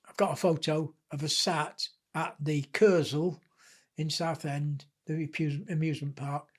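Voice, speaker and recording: A man's voice: a little high, steady tone, a little slow. A man, a guest author telling long, rambling stories in an interview. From England (Blackpool). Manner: chatty storyteller, easy and rambling. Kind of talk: reminiscing interview.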